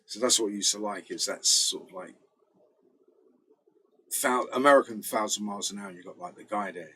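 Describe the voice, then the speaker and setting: Deep-voiced British man chatting casually. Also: fairly quick, bright, forceful tone, breathy edge, poor audio. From Britain. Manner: rambling storyteller, acts out quoted voices. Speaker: bass player. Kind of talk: casual chat.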